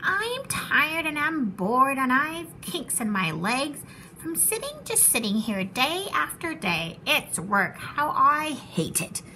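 A lazy mother bird with a bright, lively, swooping storybook voice that coaxes in a drawn-out sing-song, as a woman puts her on. She wheedles sweetly and stretches her words. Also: sits high, slight background noise, heavily acted. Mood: coaxing. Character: lazy pleading female bird.

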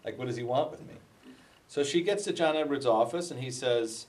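A man giving a talk, telling stories with lively acted-out dialogue. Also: fairly quick, far from the mic. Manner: lively storytelling, acting out dialogue with raised pitch. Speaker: speaker at a talk. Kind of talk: storytelling talk.

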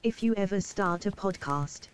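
Text-to-speech woman, reads chat, mechanical, mid pitch. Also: moderate pace, clear, resonant tone. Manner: flat synthetic reading of chat messages.

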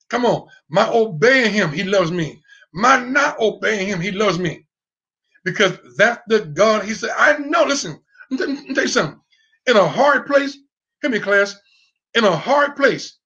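A man's voice: high voice, pushed and bright, muffled recording. A man preaching an online sermon, fiery, with call and response and sudden whoops. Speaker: pastor.

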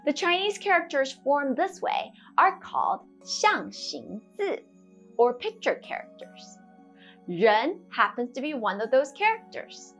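A woman's voice: high-pitched, fairly bright tone. Playful sing-song woman teaching kids. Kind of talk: children's lesson narration.

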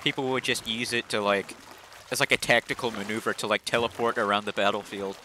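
Bright young guy, riffing chat over a game, soft hiss behind. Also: on the low side, steady tone, fairly quick. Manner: rambling, joking, quotes cartoon lines. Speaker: gamer. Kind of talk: casual gaming chat.

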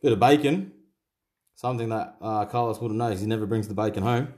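A man's voice: lowish voice, fairly quick, a little mellow. A young Australian man hosting a card-opening video, swearing constantly and rattling off player names in casual commentary. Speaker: card-opening channel host.

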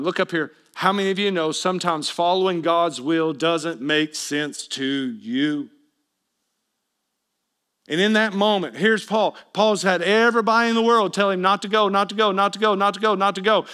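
A man preaching a sermon as pastor, swinging between loud emphatic appeals and hushed asides, often questioning his congregation directly. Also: high-pitched, moderate pace.

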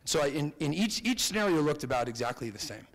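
A young American man from Connecticut giving a storytelling talk as a keynote speaker, animated, lifting his voice for quoted lines. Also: on the high side, fast. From Connecticut, USA. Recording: reverberant hall.

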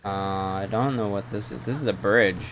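A man's voice: lowish voice, normal speed, fairly bright tone, slight background noise. A man streaming a game, thinking aloud and chatting with his viewers in a casual way. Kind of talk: casual gameplay commentary.

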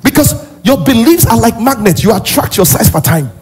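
A man preaching a sermon in a church. He is animated and often acts out characters. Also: very high-pitched, brisk, breathy edge, soft background music. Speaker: pastor.

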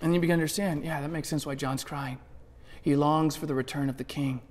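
A pastor with a notably high voice delivers a lively sermon in a church sanctuary. He talks to the crowd casually, dipping into quiet asides before bursting out with emphatic lines. A long reverb trails behind every phrase. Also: fast. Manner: animated, swings from hushed asides to loud emphatic bursts; conversational, playfully acts out scripture scenes.

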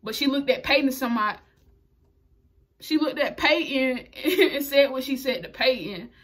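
A woman's voice: high-pitched, moderate pace, a bit bright. A woman recapping a wrestling show in a chatty, slangy way, laughing often. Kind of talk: casual video recap.

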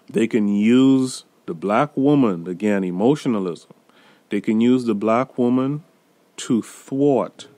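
A man hosting a solo podcast, talking through a film in an emphatic, deliberate way and speaking straight to his listeners. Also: fairly low pitch, a little mellow, dry recording. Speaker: podcast host reviewing a film.

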